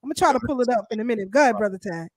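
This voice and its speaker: High-voiced emphatic woman co-host. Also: very fast, dry recording. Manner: animated, emphatic, speaks of herself as party founder. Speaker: show co-host. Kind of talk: casual political talk show chat.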